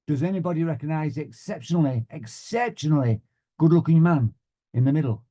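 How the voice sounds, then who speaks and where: A man from Yorkshire with a Yorkshire accent, giving a humorous motivational talk with deadpan, self-mocking timing. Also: on the high side, fairly quick. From Yorkshire, England. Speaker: motivational speaker.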